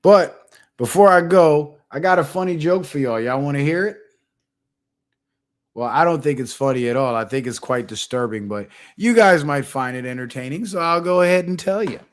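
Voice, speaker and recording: Man, young adult, channel host, casual storytelling, profane, animated, slightly high voice. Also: normal speed.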